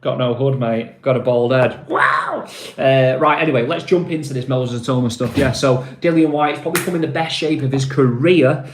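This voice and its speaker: Northern english guy rambling on a phone live, roomy echo, middle pitch. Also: normal speed, slight background noise. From northern England. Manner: chatty, rambling, reads viewer names aloud. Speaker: livestream host. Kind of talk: casual live-stream chat reading comments.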